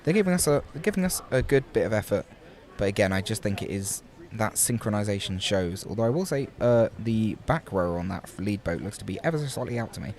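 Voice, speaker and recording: Deep-voiced young male sport commentator. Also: expressive, fast, few pauses, a little mellow. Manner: chatty and playful, fond of wordplay. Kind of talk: casual live commentary. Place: outdoors on a riverbank at a regatta.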